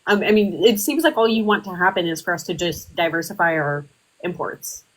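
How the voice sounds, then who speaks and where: A woman with a fairly low voice hosts a live political chat. She rambles and fills her talk with ums and likes. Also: brisk, poor audio. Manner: rambling with many fillers. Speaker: livestream host. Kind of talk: casual political debate.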